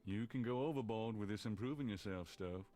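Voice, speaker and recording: A man's voice: on the low side, fairly quick, warm tone, close to an everyday voice. An actor playing a lazy, flirtatious male writer who runs a bookshop, teasing his assistant in a voiced adventure game. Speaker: game character.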